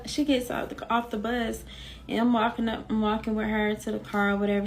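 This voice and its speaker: Young woman spilling a story to her viewers, kinda high voice, keeps saying y'all, faint hum behind. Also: steady tone, fairly quick, gravelly. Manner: emphatic, repeats herself, addresses listeners as y'all.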